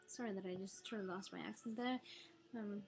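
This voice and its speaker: A woman's voice: medium pitch, vocal fry, rough recording. A woman, tired and rambling, chatting casually before reading a book aloud. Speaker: reader.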